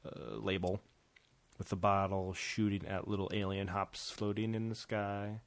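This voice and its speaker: Low-voiced easygoing man, podcast chat. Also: little pitch movement, a little slow. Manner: easygoing, laughs often. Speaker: podcast co-host. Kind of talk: casual chat.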